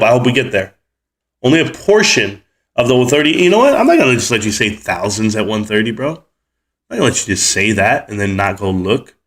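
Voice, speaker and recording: A fired-up man in his forties hosts a livestream, ranting and cussing in a middling voice. He jumps between outrage and quick number-crunching, talking straight to his viewers. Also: medium pitch, a bit bright. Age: 40s. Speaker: livestream host.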